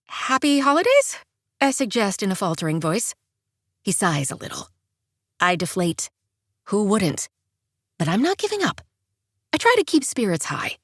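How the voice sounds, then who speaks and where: A woman narrates a first-person romance audiobook in a chirpy, expressive way, lifting into bright sing-song dialogue. Her pitch moves a lot and stays mid-range. The recording is dry and close. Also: no echo.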